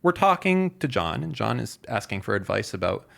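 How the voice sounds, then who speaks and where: A man's voice: lowish voice, sing-song, moderate pace, creaky, fairly bright tone. A male podcast co-host talking in a loose, casual way. He tells a long story, piling on fillers, restarts and swearing as he goes. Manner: rambling storyteller, many fillers and profanity.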